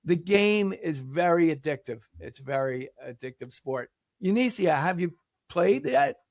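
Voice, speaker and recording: A man's voice: a little high, a little slow, creaky, no echo, clean studio sound. An older man from New York, a guest on an interview show, telling casual rambling stories and acting out what others said. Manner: rambling, animated storyteller who acts out quotes. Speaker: podcast guest, pickleball league founder.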